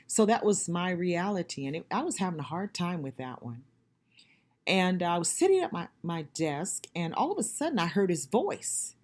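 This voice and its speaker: A middle-aged woman gives an earnest faith testimony in a fairly low voice. Her pitch swings widely, rising and falling as she presses her points home. She talks straight to the listener, emphatic and sincere. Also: big pitch swings, moderate pace, a little mellow. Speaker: speaker giving a personal testimony.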